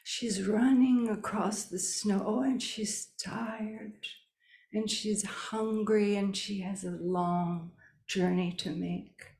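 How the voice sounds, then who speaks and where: A woman voicing a very old, odd female spirit healer, speaking in slow, hushed, dreamy pronouncements. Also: mid-range voice, steady tone, creaky, echoey room.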